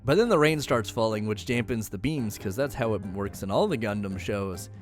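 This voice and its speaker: Man, casual anime recap, rambling, joking, lowish voice, faint music behind. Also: animated, normal speed. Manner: joking, rambling, laughs often.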